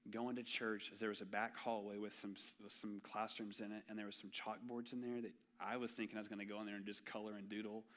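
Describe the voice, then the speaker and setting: Young male pastor, bright and forceful tone, animated storyteller who drops to near-hush for solemn points. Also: on the low side. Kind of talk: sermon. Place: church sanctuary.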